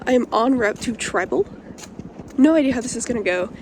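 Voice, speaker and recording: A young woman talks casually and a bit hesitantly to the camera during a car ride. Her voice sits slightly high. Loud road noise runs under the recording. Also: animated, fairly quick. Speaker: reality show contestant. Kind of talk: confessional to camera.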